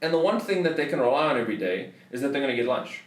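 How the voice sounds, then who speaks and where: A man's voice: mid-range voice, sing-song, racing, recorded from a distance. Ranting South African man, roomy sound. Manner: swears a lot, heated ranting. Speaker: podcast host. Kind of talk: casual storytelling.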